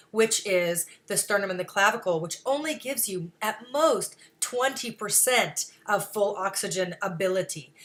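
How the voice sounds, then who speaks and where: Woman walking you through breathing counts, soft and unhurried, mid pitch. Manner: slow, soft counting with long pauses. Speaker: guest teaching breathing. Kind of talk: guided breathing instruction.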